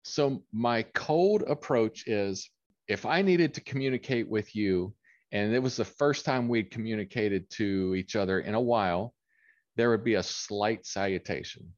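A man co-hosting a casual podcast chat, explaining his approach in a measured way. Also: on the low side, dry recording, lo-fi sound. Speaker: podcast co-host.

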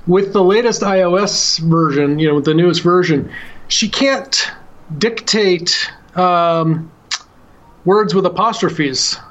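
A man's voice: high voice, slow, fairly bright tone, highs cut off. A man co-hosting a podcast from the United States, chatting casually and rambling, laughing often. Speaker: podcast co-host.

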